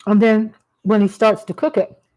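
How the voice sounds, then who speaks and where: A warm-toned woman's voice sits at medium pitch with little pitch movement and moves at normal speed. She is a middle-aged food vlogger eating at her home table, casually chatting mukbang-style about family cooking, rambling and homey and often restarting.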